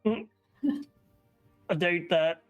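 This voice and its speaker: Tabletop player, easygoing, mid-pitched voice, faint music. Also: extremely slow. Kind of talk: casual tabletop play.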